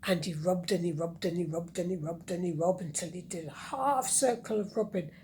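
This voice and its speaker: A woman telling a children's story in a hushed, often whispering voice. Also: lowish voice, fairly quick, slight background noise. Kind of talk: reading a story to kids.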